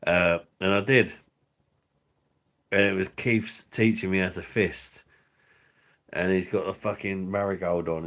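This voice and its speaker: A man's voice: low voice, a little slow, pauses often, fairly bright tone. A man hosting a live stream, reading out chat comments in crude, sweary banter and laughing often. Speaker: livestream host.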